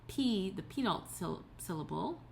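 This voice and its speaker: A woman's voice: medium pitch, animated, unhurried, creaky, darkish tone, a little hiss or hum. A woman giving a recorded tutorial lecture, explaining patiently step by step with occasional fillers and self-corrections. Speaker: teacher.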